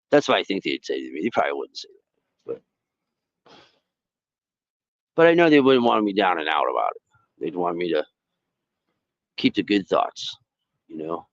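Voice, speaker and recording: Rambling, animated man telling rough stories. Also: normal speed, long pauses, dry recording, dull audio. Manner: rambling, animated, acts out quoted people in high voices; salty, swears freely. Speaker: fishing livestream host. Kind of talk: casual storytelling on a livestream.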